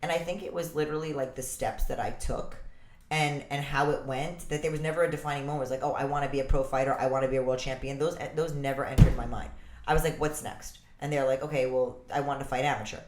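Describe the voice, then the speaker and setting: Fast-talking low-voiced New woman. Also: slight background noise. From the Bronx, New York. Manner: animated, swearing, laughs through her stories. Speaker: boxer, podcast guest. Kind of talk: casual storytelling in conversation. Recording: roomy echo.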